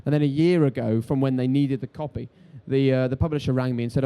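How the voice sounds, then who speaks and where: Man, 30s, TV presenter, fast, mellow dark voice, live stage storytelling. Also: medium pitch, smooth. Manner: animated, quick, acts out voices in his stories. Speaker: TV sports presenter, interviewed guest. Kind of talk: lively anecdotal storytelling on stage. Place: live event stage before an audience.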